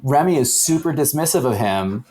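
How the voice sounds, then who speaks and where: A man co-hosting a podcast, talking about a film at an ordinary mid pitch. He is enthusiastic and sometimes rushes through a thought in quick bursts. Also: lively intonation, a little mellow. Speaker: podcast co-host. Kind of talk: casual film discussion.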